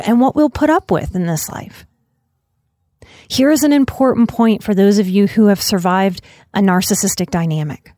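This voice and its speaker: A woman hosting her own podcast as a life coach and psychotherapist, talking through an idea in a measured way and slowing down to stress key phrases. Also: fairly high pitch, darkish tone, no room sound, clean studio sound. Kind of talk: solo podcast talk.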